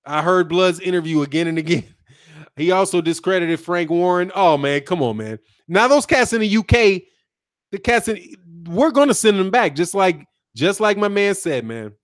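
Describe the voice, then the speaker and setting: A man's voice: high-pitched, moderate pace, no room sound, studio quality. A man hosting a boxing channel live stream, giving slangy commentary with frequent laughs and repetitions while reading chat messages. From United States. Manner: animated, slangy, laughs often, repeats himself.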